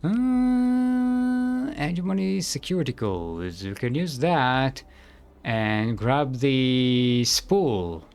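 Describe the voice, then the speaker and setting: A man's voice: mid-range voice, lively intonation, extremely slow, darkish tone, clean tone. A man streaming a game, thinking aloud in casual commentary and humming to himself.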